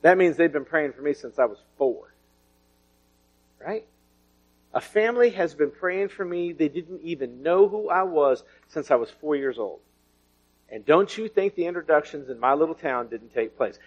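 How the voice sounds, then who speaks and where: A man's voice: fairly high pitch, expressive, moderate pace. Folksy preacher man, muffled sound. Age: 40s. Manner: folksy storytelling with laughter and swings in volume. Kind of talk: sermon with personal testimony. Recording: dull lo-fi recording.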